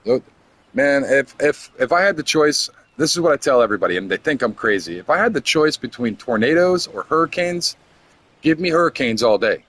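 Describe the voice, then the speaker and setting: A man's voice: mid-range voice, animated, fairly quick, a bit bright, no room sound. A middle-aged man from Florida telling a story in a casual, rambling way, often stumbling and repeating words.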